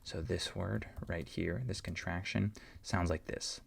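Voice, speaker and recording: A man's voice: low-pitched, steady tone, unhurried, creaky, breathy edge. A man teaching English pronunciation, answering learner questions and patiently repeating example words to show each sound.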